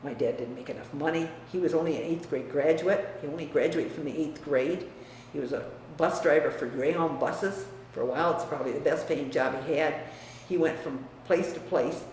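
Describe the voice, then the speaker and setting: An older woman from the US Midwest, reminiscing about her family in a frank, emphatic way that often drops quiet. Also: low-pitched, fairly quick, few pauses. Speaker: interviewee. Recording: echoey room, distant mic, faint hiss.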